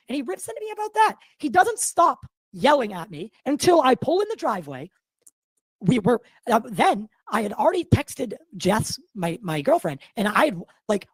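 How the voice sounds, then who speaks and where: A husky-voiced man from Massachusetts tells a long story on his podcast, his pitch swinging up and down in a lively, rambling flow. He swears freely and sounds shaken. The recording is close and dry, with no room sound. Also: no echo. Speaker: podcast host.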